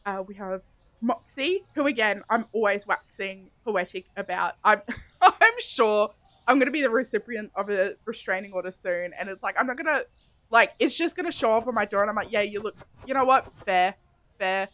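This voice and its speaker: A woman's voice: mid-range voice, expressive, normal speed, fairly bright tone, no echo. A woman live-streaming a game, chatting casually with viewers, giggling often and thinking aloud as she plays. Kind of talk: casual live-stream chat while playing.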